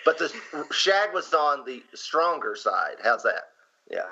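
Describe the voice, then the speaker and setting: A father chatting on a podcast in a halting way, often restarting his sentences. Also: a little high, sing-song, sharp tone, dull audio, slight background noise. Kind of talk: casual podcast chat.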